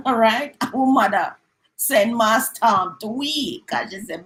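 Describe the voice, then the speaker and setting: A middle-aged woman with a Jamaican accent talks casually on a live stream. She acts out quick exchanges and drifts between standard English and patois. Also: fairly high pitch, animated, fairly bright tone, a little hiss or hum, low-quality recording. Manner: chatty, mixes in patois, acts out little dialogues.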